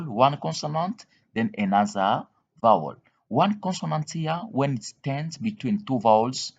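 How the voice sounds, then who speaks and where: A man's voice: lowish voice, husky. A man teaching English pronunciation, reading word lists aloud one word at a time and explaining the spelling rules. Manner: slow, deliberate drilling of single words. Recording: dull lo-fi recording.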